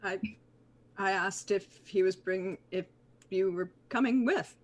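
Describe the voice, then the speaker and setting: A woman's voice: mid-range voice, a little slow. A woman playing in a tabletop game, joking in a dry way. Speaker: player. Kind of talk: casual tabletop play.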